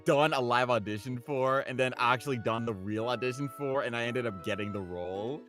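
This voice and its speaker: A man co-hosting a podcast, chatting casually and laughing often, breaking into loud shouted audition lines. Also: mid-range voice, a little fast, soft background music. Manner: animated, laughs often, bursts into shouted character reads. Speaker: podcast co-host, voice actor. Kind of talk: casual chat with live audition reads.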